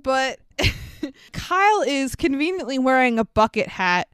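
A woman's voice: sits high, very animated, measured pace, a bit bright, clear, resonant tone, no echo. A woman in her thirties co-hosting a casual podcast, retelling a movie with frequent laughs and swearing. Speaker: podcast co-host. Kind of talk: casual movie recap chat.

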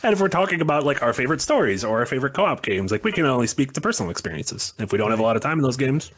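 A man's voice: medium pitch, sing-song, racing, fairly bright tone. A man co-hosting a casual podcast, talking in a chatty, thoughtful way with many fillers. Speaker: podcast co-host. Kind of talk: casual chat.

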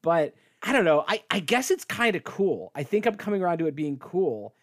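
A man co-hosting a podcast, talking about a movie in an animated, playful way, often laughing and asking questions. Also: on the high side, brisk. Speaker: podcast co-host. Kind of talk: casual movie discussion.

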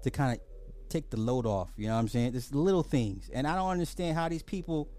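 A man's voice: mid-range voice, a little fast, darkish tone. A man hosting a podcast, delivering a profane, mocking rant of social commentary and apologizing as he goes. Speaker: podcast host.

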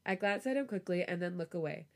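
A woman reading a romance story aloud on a podcast, with a relaxed storytelling voice. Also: lowish voice, fast. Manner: laughs often, giggly reactions. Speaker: podcast host reading fan fiction aloud.

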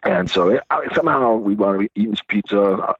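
An older man telling rowdy stories as a guest, acting out the voices and shouts of the people in them. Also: lowish voice, fast talker, husky, no echo. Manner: acts out voices and screams in his stories, laughs a lot. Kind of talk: animated storytelling. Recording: dull lo-fi sound.

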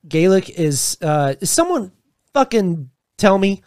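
A young man co-hosts a podcast in loose, joking chat, swearing freely as he rambles. His voice sits slightly high. The recording is dry and close to the mic. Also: sing-song, takes it slowly, darkish tone, dry recording. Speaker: podcast co-host. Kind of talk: casual chat.

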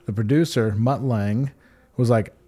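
A man co-hosting a podcast, chatting casually and excitedly about music videos, swearing freely and using many fillers. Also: medium pitch, a little slow. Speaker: podcast co-host.

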